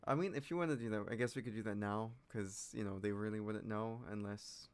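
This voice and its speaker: A woman's voice: extremely low pitch, a little fast, darkish tone. A woman game master chatting casually with her players before a tabletop session, easygoing and reassuring. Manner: easygoing, reassuring, lots of fillers.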